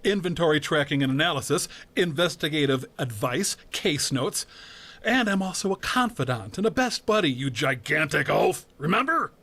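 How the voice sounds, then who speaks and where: A man's voice: fairly high pitch, lively intonation, moderate pace, sharp tone, heavily acted. An actor playing a sarcastic male digital assistant sidekick in a game, cheeky and wisecracking.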